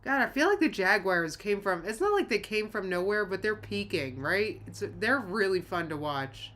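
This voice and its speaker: A woman hosts a casual live stream with a bright, forceful voice. She talks in a rambling way, cuts herself off and restarts, and laughs often while reading chat comments aloud. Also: medium pitch, lively intonation, normal speed, slight background noise. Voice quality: rambling, self-interrupting. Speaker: livestream host.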